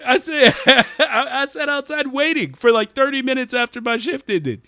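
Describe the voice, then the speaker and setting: High, lively man telling stories. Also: normal speed, slight background noise. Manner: animated, laughs often mid-story. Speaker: podcast co-host. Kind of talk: casual storytelling chat.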